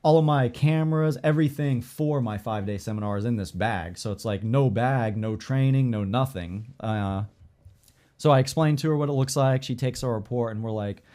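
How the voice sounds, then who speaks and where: Male podcast co-host, casual storyteller, animated delivery with voiced quotes. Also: mid-range voice, moderate pace. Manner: animated, acts out other people's lines in quoted voices.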